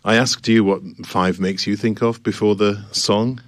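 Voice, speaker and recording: A man with a fairly low voice talks in an easy, anecdotal way as a co-host of a casual chat show. His voice is dry and close to the mic. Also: fairly even intonation, a little slow, no room sound. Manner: chatty, anecdotal.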